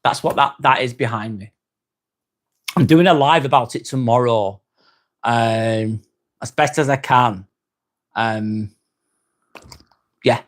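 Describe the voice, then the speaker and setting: This English livestream host speaks slowly at medium pitch, with long pauses, while chatting casually and reading comments. He is talkative, repeating phrases and filling gaps with plenty of fillers.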